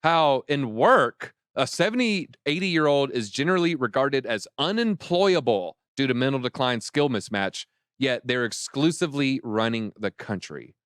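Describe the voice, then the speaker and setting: A man hosts a crypto livestream with energetic, mocking commentary. His voice is smooth and clear. The sound is dry and close. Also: medium pitch, moderate pace, no echo. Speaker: crypto show host.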